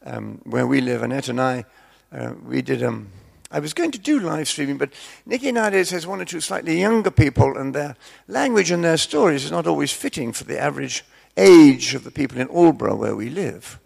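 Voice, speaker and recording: A man preaching in a relaxed, chatty way, drifting into jokes and stories with self-deprecating asides. His voice is gravelly and sits a little high for a man. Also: a little fast, few pauses. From Scotland. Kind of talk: sermon with humorous storytelling.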